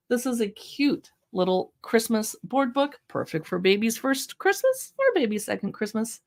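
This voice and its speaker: A woman's voice: fairly high pitch, very animated, moderate pace, creaky, few pauses. A woman hosting a casual live shopping stream from home, chatting in an upbeat way about books and decor and reading short bits aloud. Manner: chatty, upbeat, reads short passages aloud with playful voices. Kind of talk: casual product showcase livestream. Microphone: own microphone close by.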